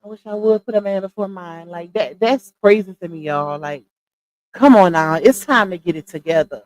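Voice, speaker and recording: A middle-aged woman, chatting casually with viewers on a live stream and giving her opinions in an animated, talkative way. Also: on the low side, moderate pace, no echo, rough recording. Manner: chatty, animated, addresses viewers as y'all and child. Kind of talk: casual chat commentary.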